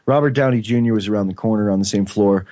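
A filmmaker guesting on a podcast, this man tells a rambling, animated story in casual chat, acting out quotes in a lowish voice as a fast talker. The recording is dull, lo-fi and dry, with no echo.

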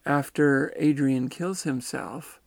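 Gravelly man musing aloud. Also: mid-range voice, slow pace, darkish tone, no room sound. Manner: musing and tentative, often unsure. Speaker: commentator retelling a near-death account. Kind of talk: reflective spoken commentary.

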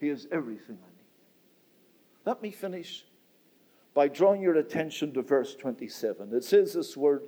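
A man's voice: on the high side, expressive, normal speed, pauses often, warm tone. A middle-aged man from Northern Ireland, with a Northern Irish accent, preaching an evening church sermon in a rising and falling cadence and often saying "my friend". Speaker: visiting preacher.

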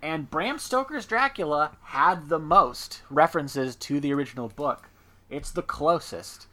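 Guy reviewing a movie with a buddy, voice jumps all over the place, bright and forceful, keeps slipping into goofy little character bits mid-sentence. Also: a little high. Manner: animated, jokey, acts out characters in quick asides. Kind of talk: casual movie review chat.

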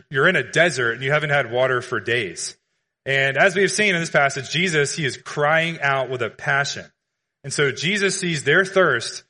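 A bright-voiced pastor, somewhat high in pitch, gives a sermon in a church with long hall reverb. His preaching is earnest and conversational, sprinkled with rhetorical questions.

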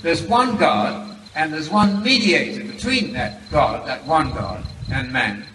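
A British man delivers a formal debate statement in a measured, emphatic manner, slowing down to stress key words. His voice is bright and pitched a little high. He sounds far from the microphone in a big echoing hall. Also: lively intonation. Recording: echoey hall, heard from far off, background noise.

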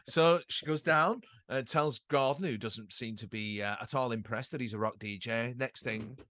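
A middle-aged man co-hosting a casual chat, rambling through anecdotes with swearing and quick impressions. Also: mid-range voice, sharp tone, no echo. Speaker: podcast co-host.

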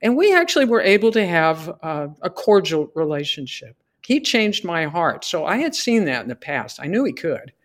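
As a podcast guest, a middle-aged woman whose voice sits on the low side recounts her faith testimony at a moderate pace with few pauses. Her pitch swings widely as she earnestly acts out her prayers and conversations.

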